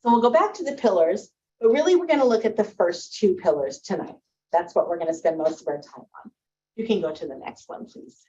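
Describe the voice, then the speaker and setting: A woman's voice: medium pitch, animated, a little fast, warm tone, highs cut off. A woman teacher giving a presentation to parents on early reading, explaining with friendly spoken examples.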